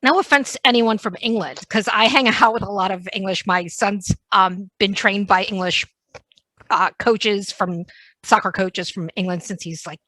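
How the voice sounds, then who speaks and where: Chatty fast-talking New York woman, bright. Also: medium pitch, no room sound. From New York / New Jersey area. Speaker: podcast host. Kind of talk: casual podcast interview.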